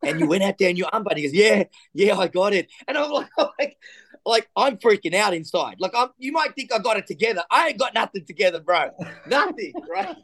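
Excitable man telling stories. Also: sits high, a little fast, vocal fry. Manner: excitable, acts out the voices in his stories. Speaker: jiu-jitsu coach and guest. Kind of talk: animated storytelling in a podcast interview.

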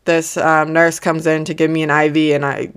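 A woman's voice: low voice, little pitch movement, normal speed, clear, resonant tone. A young woman hosting a podcast, telling a personal story in a blunt, casual way, swearing freely and laughing through the hard parts. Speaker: podcast host.

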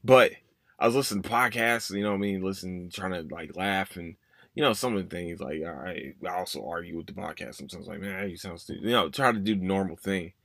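This man in his 30s hosts a podcast and tells a personal story in a casual monologue that turns emotional, rambling, and repetitive. His voice sits low and sounds creaky yet fairly bright, moving at a quick pace in studio-quality audio with no echo.

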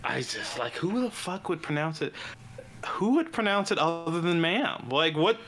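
A man chatting casually as a podcast co-host, his pitch jumping around animatedly. His voice is bright and forward. A faint hiss sits under the recording. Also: moderate pace. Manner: animated, swearing, incredulous. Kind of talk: casual chat.

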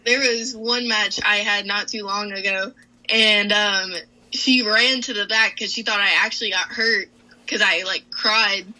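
Young woman, wrestler, giggly casual chatter, lots of fillers, very bright tone. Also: mid-range voice, steady tone, unhurried, low-quality recording. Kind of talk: casual interview answers.

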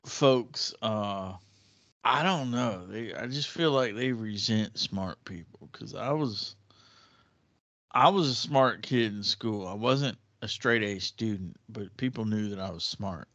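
A man's voice: fairly low pitch, takes it slowly, fairly bright tone, dry recording. Man, casual storytelling, rambling with restarts, dry dull lo-fi sound.

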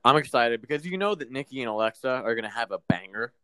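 A man's voice: medium pitch, animated, fast talker, background noise. A man co-hosting a casual podcast, talking eagerly with lots of "um"s. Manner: eager, filler-heavy talk. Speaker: podcast co-host. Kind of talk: casual chat.

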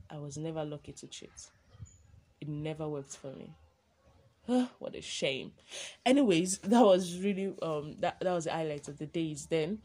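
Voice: medium pitch, measured pace, pauses often, darkish tone. A podcast host, chatting casually and rambling through a monologue with many ums and self-corrections.

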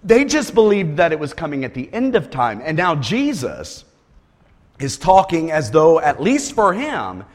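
High, lively-voiced man preaching in a hall. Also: unhurried. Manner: animated preaching, swings from quiet asides to loud shouted lines; repeats words and restarts phrases as he goes. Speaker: pastor. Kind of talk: sermon.

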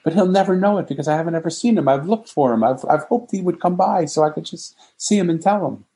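A man's voice: a little high, expressive, quick pace, warm tone, voice pushed up. A man voicing a despairing, ashamed homeless man in an emotional retelling. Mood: earnest.

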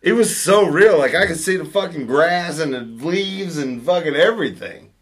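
A man's voice: on the high side, expressive, normal speed, husky. A Southern US man telling a story in casual chat, rambling and profane, with laughter breaking in.

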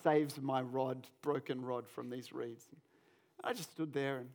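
A male pastor preaching a sermon, telling a personal story in an animated, self-deprecating way. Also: medium pitch, a little slow, slight background noise.

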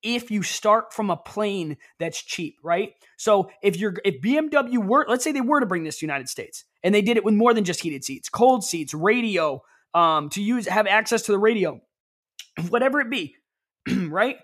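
A young man co-hosting a casual streamed chat, excitable and rambling. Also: sits high, moderate pace. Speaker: co-host.

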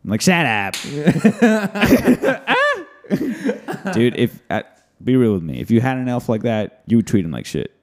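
A man's voice: medium pitch, wildly swooping pitch, slow, long pauses, a little mellow. A man in a casual comedy chat who jokes crudely and laughs often.

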